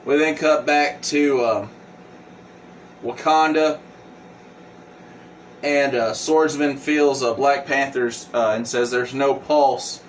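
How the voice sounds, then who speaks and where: A man giving a casual plot recap in a halting way, with frequent fillers and restarts. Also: mid-range voice, steady tone. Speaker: comic book reviewer. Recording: distant mic with faint hum.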